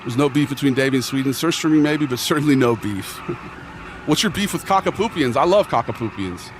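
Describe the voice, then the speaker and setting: Young male streamer, slangy rambling chat, average pitch, faint traffic behind. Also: animated, brisk. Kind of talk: casual live-stream chat.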